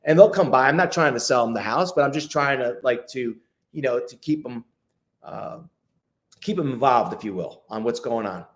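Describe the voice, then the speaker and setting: A man's voice: mid-range voice, lively intonation, moderate pace. A man, a real estate agent, talking casually as a podcast guest and acting out his calls with clients. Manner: chatty, acts out phone calls with clients, many restarts. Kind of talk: casual interview talk.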